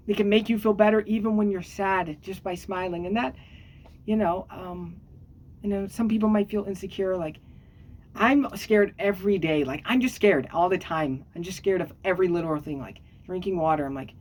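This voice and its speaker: A woman chatting to camera in a rambling, earnest way, with many fillers and restarts and bursts of squeaky excitement. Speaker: vlogger. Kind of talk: casual chat to camera. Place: at home on a squeaky chair.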